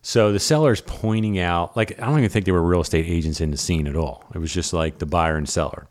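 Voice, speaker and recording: A man's voice: low-pitched, quick pace. A man co-hosting a casual chat, a real estate agent who tells stories animatedly and laughs at his own anecdotes.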